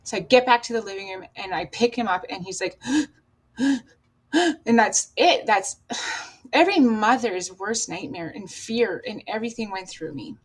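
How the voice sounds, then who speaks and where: A woman from Canada, a podcast guest, telling a painful personal story in a raw, halting, emotional way. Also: mid-range voice.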